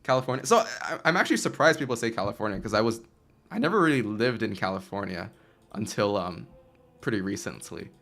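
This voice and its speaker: An American man from Chicago casting a live strategy game, calm and analytical. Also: on the low side, fast talker, creaky. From Chicago, United States. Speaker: esports caster.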